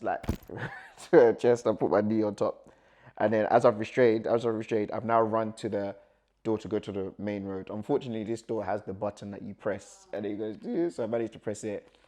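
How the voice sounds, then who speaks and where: This young man's voice leans low as he shares a personal story as a guest. He tells it with animation, voicing the dialogue and letting out nervous laughs.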